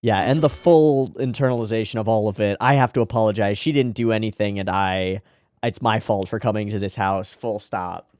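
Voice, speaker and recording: A man's voice: lowish voice, fairly quick, darkish tone, no echo. A man hosting an anime reaction show, talking casually and emotionally and swearing freely as he comments.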